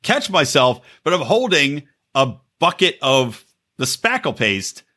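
A man's voice: a little high, measured pace, breathy edge. A man hosting a casual podcast chat, telling stories and acting out other people's voices. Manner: animated storyteller, acts out quoted voices. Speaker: podcast host.

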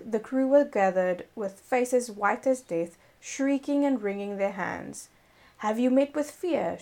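Gravelly-voiced woman reading a fairy tale. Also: fairly high pitch. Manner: gentle read-aloud storytelling with self-corrections. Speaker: storyteller.

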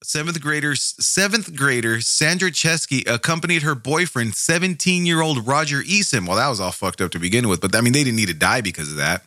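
A man's voice: mid-range voice, lively intonation, fairly quick, hardly any pauses, bright, forceful tone, dry recording, clean studio sound. A man hosting a true crime podcast, reading case notes aloud and breaking off into profane, angry asides full of stammered restarts.

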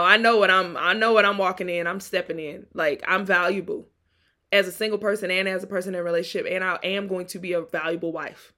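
A woman's voice: medium pitch, bright, forceful tone. A woman, hosting a candid solo podcast like a singles coach, preaching and laughing often. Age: 30s. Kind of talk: reflective solo monologue.

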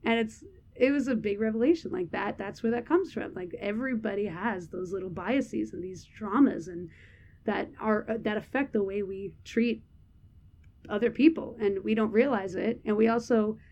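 A woman's voice: medium pitch, normal speed, a little mellow, lo-fi sound. A young adult woman co-hosting a podcast, talking candidly in a loose, rambling way full of fillers. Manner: candid, rambling with many "like"s, laughs often. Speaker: podcast co-host. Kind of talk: casual chat.

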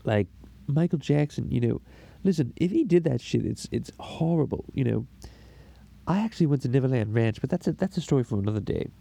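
A man's voice: mid-range voice, lively intonation, a little fast, creaky, dark tone, dry recording. A man doing Peter Griffin, crude cartoon dad. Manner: rambling, crude, stammering restarts. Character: crude oafish middle-aged cartoon dad. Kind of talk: improvised comedy impression podcast.

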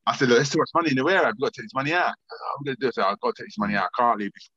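A London-accented man, guesting on a casual podcast interview, recounts a long tale with lots of energy, impersonating others and often stumbling into restarts. He speaks rapid-fire in a mid-range voice, recorded with no echo and with the highs cut off.

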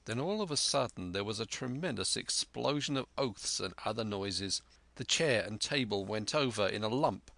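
A man narrating a storybook tale in a measured, vivid reading. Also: on the low side, lively intonation, creaky, a bit bright, no echo.

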